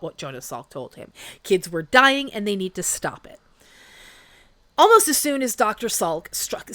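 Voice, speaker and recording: Woman podcast host, lively wry storyteller, dry close sound. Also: mid-range voice, no echo. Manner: chatty and wry, with quick asides and filler likes. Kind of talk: casual history podcast storytelling.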